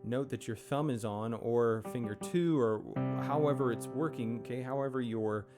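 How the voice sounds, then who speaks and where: Male piano teacher, mid-pitched, casual and chatty, loud piano underneath. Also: normal speed. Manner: counts beats aloud and scats rhythms; relaxed, with many fillers and check-ins. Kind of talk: casual instruction. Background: piano playing.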